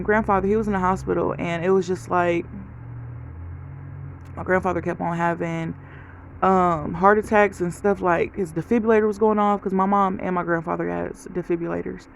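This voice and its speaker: A woman's voice: lowish voice, vocal fry, a little hiss or hum, poor audio. A woman vlogger giving a casual life update, telling stories straight to her viewers. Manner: chatty storytelling, talks straight to viewers.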